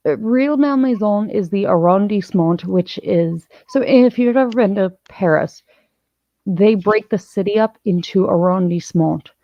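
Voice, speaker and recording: A woman's voice: mid-range voice, measured pace, no echo, muffled recording. A woman host in casual chat, telling a rambling story full of restarts. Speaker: channel host.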